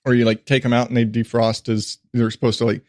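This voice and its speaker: A man in his thirties hosting a casual podcast, telling a story with lots of laughter and casual swearing, and jumping way up in pitch when he quotes his kids. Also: fast talker, no room sound, studio quality. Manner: animated storytelling, jumps to high-pitched voices when quoting his kids. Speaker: podcast host. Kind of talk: casual solo podcast monologue.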